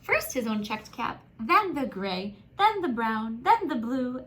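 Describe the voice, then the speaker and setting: Woman storyteller, slow and lively, high voice, faint background noise. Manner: animated, gasping, talks to listeners as friends. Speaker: storyteller reading to children. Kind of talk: expressive children's story read-aloud.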